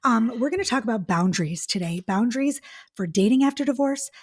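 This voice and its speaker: A woman hosting a podcast, chatting in a gushing, excitable way with lots of restarts. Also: on the high side, fairly quick. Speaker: podcast host. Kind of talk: casual podcast chat.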